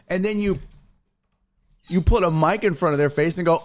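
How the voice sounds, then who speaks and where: A man hosting a sports talk show, a comedian telling a profane, emphatic story in an animated way, sounding a bit congested. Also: high voice, normal speed. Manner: profane, emphatic, fired-up ranting. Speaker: podcast host and stand-up comedian.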